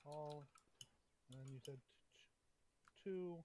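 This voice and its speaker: A man playing a tabletop game on a stream, delivering goofy, deadpan lines. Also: fairly high pitch, normal speed, noisy background. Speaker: player. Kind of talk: casual tabletop play.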